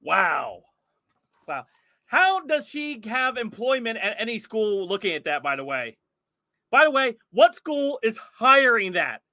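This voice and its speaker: A man's voice: extremely high pitch, very animated, unhurried, pushed and bright, no echo, studio quality. A man hosting a livestream, reacting to a clip in exclaiming, incredulous commentary with frequent laughter. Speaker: livestream host.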